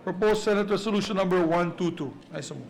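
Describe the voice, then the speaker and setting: A man's voice: high-pitched, fast talker, gravelly, a little hiss or hum, low-quality recording. A man, speaking as majority leader in a formal floor speech, with frequent hesitations. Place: legislative chamber.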